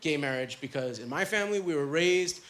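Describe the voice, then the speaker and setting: A man doing stand-up on a club stage into a handheld mic, his voice high and bright. He talks in a chatty, self-deprecating way, full of little fillers and quick asides, with a faint hum of the room behind him. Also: lively intonation. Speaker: stand-up comedian. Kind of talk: stand-up comedy set. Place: comedy club stage with a laughing audience.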